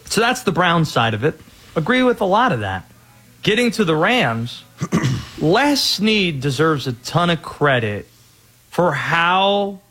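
A man hosting a sports talk show, briskly setting up each topic and steering the talk. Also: fairly high pitch, a bit bright. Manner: brisk, segues between topics. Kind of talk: sports talk, reading segment intros.

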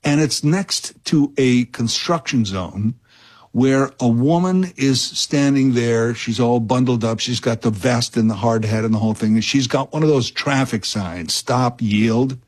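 A man filling in as radio host, chatting and telling a story in a rambling, self-interrupting way that grows animated. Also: medium pitch, measured pace. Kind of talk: casual radio talk and storytelling.

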